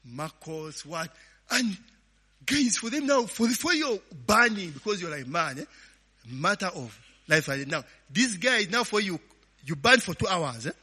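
A man's voice: sits high, animated, measured pace, bright, forceful tone, slightly rough. A middle-aged man with a Ugandan English accent, preaching a conversational sermon, laughing often and asking the congregation to finish his sentences. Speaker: pastor. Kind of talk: conversational sermon with call-and-response questions. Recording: long hall reverb.

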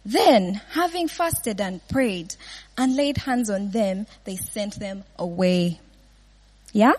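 A woman's voice: mid-range voice, expressive, slow, a little mellow, husky. A woman giving an informal Bible teaching, often laughing and checking in with her listeners with "yeah?" and "right?".

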